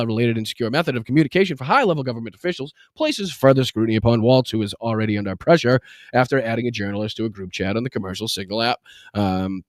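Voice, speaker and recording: A man's voice: mid-range voice, dry recording. A man hosting a live political commentary stream, reading headlines and breaking off into sarcastic, profane asides. His voice sits in the ordinary middle range. The mic is close and the sound is dry. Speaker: political livestream host.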